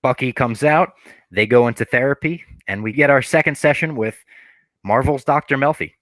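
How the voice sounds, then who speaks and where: A man co-hosting a casual podcast, retelling a TV episode in a lively way and briefly acting out the characters' lines. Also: medium pitch, normal speed, no echo. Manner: animated retelling, acts out quoted characters. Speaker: podcast co-host.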